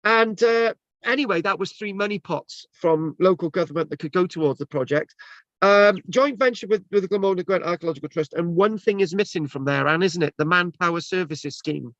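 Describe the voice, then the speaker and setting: A man's voice: high voice, a little fast, a bit bright, dry recording. Rambling man on a dull video call. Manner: rambling, many restarts and fillers. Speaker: presenter. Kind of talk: casual chat.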